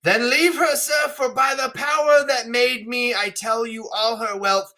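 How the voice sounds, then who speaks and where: Old king, wrathful and proud, read by a teacher at a higher, louder pitch, bright and emphatic. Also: fairly even intonation, a little slow, exaggerated voice. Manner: declaiming Shakespeare verse, raised and emphatic. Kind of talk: classroom read-aloud.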